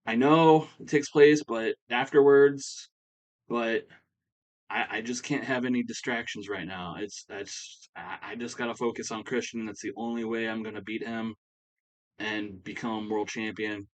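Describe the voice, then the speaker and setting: A man voicing a young male wrestler fixed on his title shot, talking earnestly and fast with stammered apologies. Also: lowish voice, level tone, fairly bright tone, lightly acted, poor audio.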